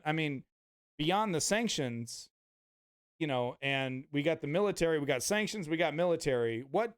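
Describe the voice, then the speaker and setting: A man's voice: on the high side, smooth. A man hosting a live political stream, ranting angrily with heavy swearing and repeated phrases. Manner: angry, profane, repetitive.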